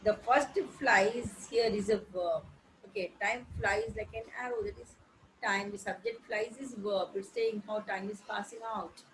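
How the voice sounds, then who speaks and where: A woman teaching an English vocabulary lesson, explaining slowly, spelling words letter by letter, with frequent pauses and fillers. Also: mid-range voice, steady tone, fairly bright tone, slight background noise, poor audio. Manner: hesitant, with frequent fillers and self-corrections.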